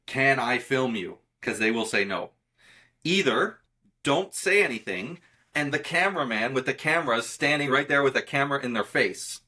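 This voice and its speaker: A man's voice: medium pitch, animated, normal speed, pushed and bright. A man, a magician and mentalist, chatting casually about performing, emphatic and insistent, repeating words to drive his point home. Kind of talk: casual conversation.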